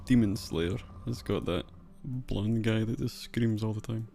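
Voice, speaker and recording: Gravelly, dark-voiced man streaming a game. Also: lowish voice, a little slow, faint music behind. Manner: rambling and relaxed, with mild swearing and chat replies. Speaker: streamer playing a video game. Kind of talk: casual live-stream chat.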